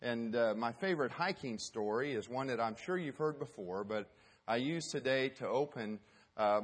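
A man's voice: mid-range voice, fairly bright tone. A man giving a sermon as pastor, telling a story emphatically with some hesitant fillers.

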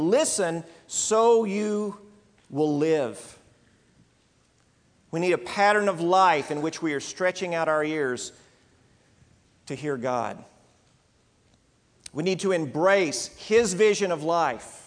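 A man preaching a sermon, earnest and emphatic, in short phrases with pauses. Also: fairly high pitch, big-room sound.

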